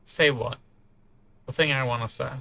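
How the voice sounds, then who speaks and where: Man reading as evasive young guy, hesitant, placating, bright voice. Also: mid-range voice, steady tone, normal speed, gravelly, no room sound.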